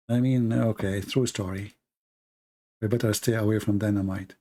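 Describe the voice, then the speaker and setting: A man's voice: lowish voice, steady tone, moderate pace, mellow. A man hosting an online show, speaking in casual, mocking commentary. He rambles with restarts and grammar slips, laughing at his own jokes. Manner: rambling with frequent restarts and fillers; non-native English with grammar slips.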